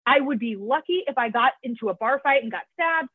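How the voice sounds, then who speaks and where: Fast, high woman on a phone line. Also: expressive, husky, dry recording. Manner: frank, profane, fillers of "like" and "you know". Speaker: podcast guest, author in recovery. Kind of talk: candid conversational storytelling. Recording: tinny phone line, dry.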